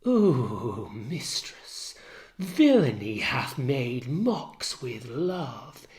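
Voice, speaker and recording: A man reads a play dramatically, voicing a middle-aged maidservant who is loyal and outraged. Very animated but delivered very slowly with a slightly mellow quality, his voice goes high and loud as she cries out in alarm.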